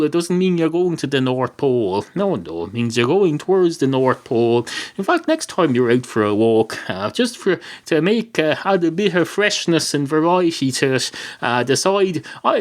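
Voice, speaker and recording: An Irish man hosting a solo comedy podcast, telling an absurd story in a rambling, deadpan way. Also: medium pitch. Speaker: podcast host. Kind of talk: rambling comic monologue.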